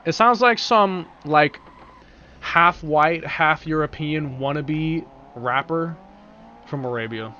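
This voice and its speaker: Man, sore throat, casual rambling stream chat, bright tone, faint game noise behind. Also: a little high, takes it slowly, muffled recording. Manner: rambling, casual, swears freely. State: sore throat, speaking carefully. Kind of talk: casual live-stream chat while gaming.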